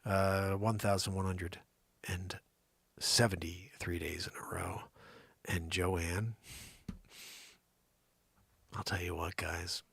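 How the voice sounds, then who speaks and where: A man hosting an improvised live comedy show, teasing and rambling, swinging from loud shouts to hushed whispered asides. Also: low voice, level tone, slow pace, gravelly, pauses often, husky, no room sound.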